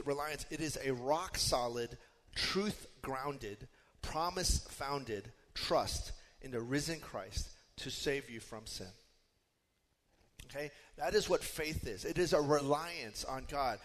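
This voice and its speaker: A man's voice: fairly high pitch, lively intonation, slow, fairly bright tone. A man preaching a sermon as pastor, conversational and explanatory, with frequent fillers and asides. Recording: long hall reverb.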